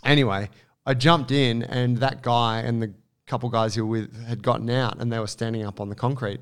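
Guy, casual co-host, rambly storyteller, clear smooth tone. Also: medium pitch, a little fast. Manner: rambling, animated, many fillers and restarts.

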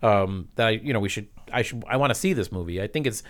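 A man's voice: fairly low pitch, expressive, quick pace. A man co-hosting a podcast, talking casually and hesitantly with many fillers. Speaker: podcast co-host. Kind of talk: casual chat.

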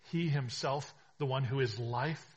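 A man preaching a sermon as pastor, swinging between hushed reflection and emphatic, rising declarations. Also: mid-range voice, a little slow, slight background noise.

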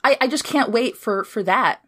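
A woman co-hosting a casual podcast, jokey and excitable, with some swearing. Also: on the high side, normal speed. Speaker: podcast co-host.

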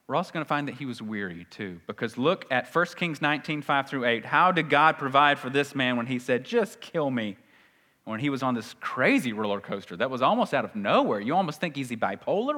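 A man preaching a sermon in church, reading scripture aloud and acting out the people in it with lively energy. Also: medium pitch. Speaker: pastor. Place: church sanctuary. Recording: long reverb of a large hall.

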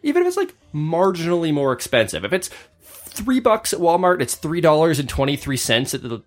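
A man with a higher-than-average voice co-hosts a podcast, talking a little fast. His storytelling is animated and casual, and he imitates the people in his tales when quoting them.

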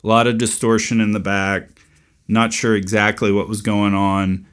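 Low-voiced man telling a wry story. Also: little pitch movement, moderate pace, smooth. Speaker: podcast host. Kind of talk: storytelling monologue.

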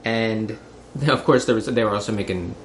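A man's voice: fairly low pitch, normal speed. Rambling man with faint background hiss. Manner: rambling, hesitant, many ums and uhs. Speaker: podcast co-host. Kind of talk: casual chat recapping a TV show.

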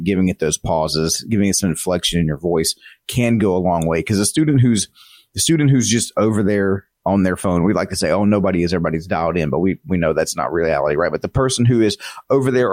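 Very deep-voiced earnest man. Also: brisk, a little mellow, no echo, studio quality. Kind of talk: casual podcast conversation.

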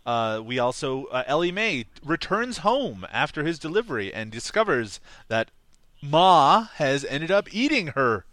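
A man's voice: a little high, very animated, unhurried, a bit bright, no echo. A man co-hosting a casual movie podcast, recapping scenes and laughing often. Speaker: podcast co-host. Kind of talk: casual movie-review chat.

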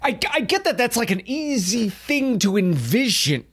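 A man's voice: extremely high pitch, big pitch swings, moderate pace, few pauses, fairly bright tone, slightly rough. A man hosting a comedy podcast, ranting in an exasperated way and acting out mock quotes, then chatting casually with his co-host. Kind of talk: comedic rant and casual chat.

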